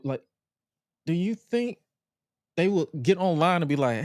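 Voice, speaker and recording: Podcast co-host, male, slightly higher pitch, dry close mic, blunt and profane. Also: big pitch swings, measured pace, long pauses, darkish tone, no echo. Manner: blunt, profane ranting with laughs. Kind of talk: casual chat.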